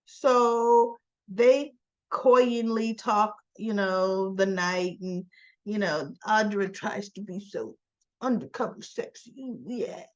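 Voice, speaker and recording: Slow, chatty woman recapping a soap. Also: medium pitch, dull audio. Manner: chatty, opinionated, animated storytelling. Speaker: soap opera recap host. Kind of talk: casual recap narration.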